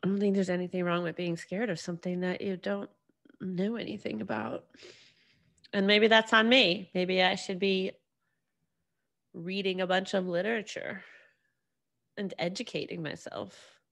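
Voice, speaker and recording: एक युवा महिला होस्ट, जो अकेले बैठकर अपने पॉडकास्ट पर बिखरी-बिखरी बातें करती है, बार-बार वाक्य अधूरे छोड़कर फिर से शुरू करती है और खुद पर ही हँसती है।. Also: female voice, fairly low pitch, steady tone, measured pace, vocal fry, pauses often, fairly bright tone. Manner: rambling, self-deprecating, many restarts. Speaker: podcast host. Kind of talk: casual solo monologue.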